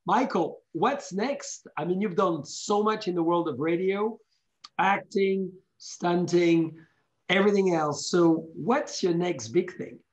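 A man's voice: high-pitched, takes it slowly. A man hosting a wine show, interviewing a guest in an encouraging way over a video call. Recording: dull lo-fi video call audio.

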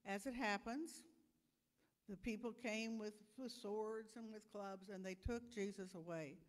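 Give me a woman telling a Bible story to children, animated, echoing in a big church. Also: medium pitch, unhurried. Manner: animated storyteller explaining for little kids. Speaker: children's message speaker. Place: church sanctuary. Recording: long church reverb.

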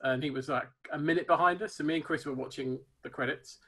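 Posh-sounding man with a bright, husky voice. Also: on the high side, quick pace. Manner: posh-sounding, good-humoured. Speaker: podcast co-host. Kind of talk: casual podcast chat.

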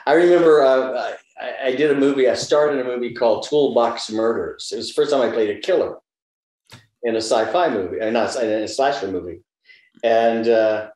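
Older guy in his 70s, thoughtful storyteller, mid pitch, roomy echo on the mic. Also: a little mellow. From United States. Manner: thoughtful, storytelling, gives advice. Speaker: interview guest, actor. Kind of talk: reflective conversational interview.

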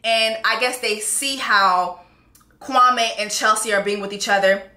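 A woman recapping a reality dating show with brash, profane, animated commentary and mocking impressions. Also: medium pitch, unhurried, roomy sound.

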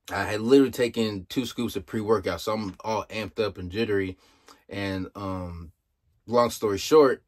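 A young man giving casual, emphatic commentary, exasperated and full of rhetorical questions. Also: lowish voice.

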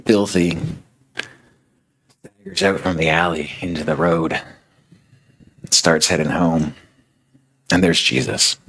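A man's voice: very deep voice, slow pace, creaky, pauses often, fairly bright tone. A young man preaching a sermon in a conversational storytelling way, filling his speech with "you know" and "like".

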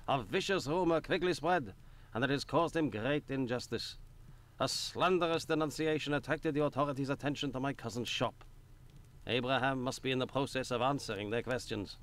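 A man's voice: mid-range voice, natural voice. An actor playing a guarded, earnest Jewish man in Victorian London in a video game, explaining things earnestly.

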